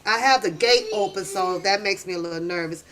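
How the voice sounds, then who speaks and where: A middle-aged woman hosting a casual live chat, telling stories loudly, laughing often and cursing freely. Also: medium pitch, brisk, slight background noise. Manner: loud, laughing, profane storytelling. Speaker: livestream host.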